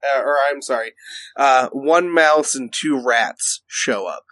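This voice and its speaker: A man runs a tabletop game, narrating loosely with plenty of fillers. His voice sits in a middle pitch. The sound is close and dry. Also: slow, a bit bright, no room sound. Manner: loose, rambling, full of fillers. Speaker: game master.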